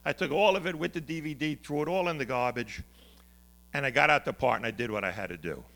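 A pastor with a mid-range voice and noticeable vocal fry preaches quickly. His sermon is conversational and built around stories, shifting between loud moments and hushed ones.

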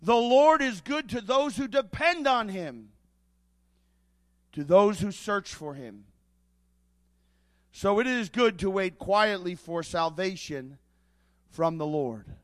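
A man's voice: high voice, animated, slow, pauses often. A man preaching a sermon as pastor, emphatic, building his points with repeated rhetorical questions.

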